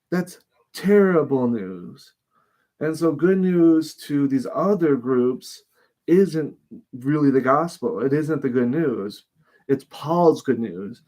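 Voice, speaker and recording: A man's voice: medium pitch, darkish tone. A man giving informal bible teaching in a rambling way, with many restarts and acted-out quotes.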